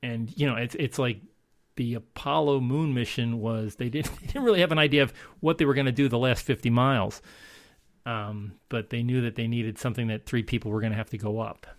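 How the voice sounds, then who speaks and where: A man in a relaxed conversation who wanders through his points, doubling back on his words and leaning on "uh" and "you know." His voice sits at an ordinary middle pitch. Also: brisk. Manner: rambling with frequent restarts and fillers. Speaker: podcast co-host. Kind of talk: casual chat.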